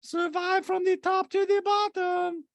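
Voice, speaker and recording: A man mimicking a helpless, childlike wealthy woman who talks in a slow, whiny, drawn-out way. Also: very high-pitched, little pitch movement, gravelly, dry recording, pitched above the performer's own voice, heavily acted. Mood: haughty.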